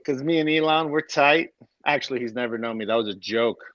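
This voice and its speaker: A man's voice: mid-range voice, brisk, fairly bright tone, no room sound. A man in casual comedy banter, joking and playful, stretching out his punchlines. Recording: dull lo-fi audio.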